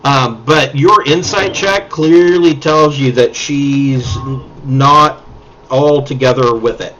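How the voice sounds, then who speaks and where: A man running a tabletop game as dungeon master, narrating scenes in a relaxed, descriptive way. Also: medium pitch, takes it slowly. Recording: dull lo-fi audio.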